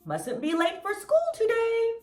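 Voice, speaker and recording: A woman's voice: very high-pitched, wildly swooping pitch, measured pace, a little mellow, voice pushed up, full character voice. A woman voicing a kind, slightly prim female school bus from a children's storybook. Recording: roomy sound, mic at a distance, faint music.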